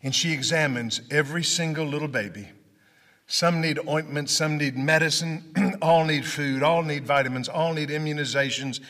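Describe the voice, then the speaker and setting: Speaking at normal speed to a crowd in a big hall, a Memphis, Tennessee motivational speaker has each line followed by long reverb. His voice is bright and slightly high for a man, and he dramatically plays his characters, dropping hushed before rising loud.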